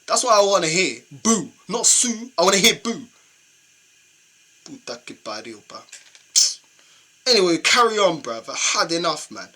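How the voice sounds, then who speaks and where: Young London man for a fan reaction rant: bright, forceful tone, exasperated and repetitive. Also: high voice, expressive, brisk, few pauses. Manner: exasperated ranting, slangy and repetitive. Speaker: football fan channel host.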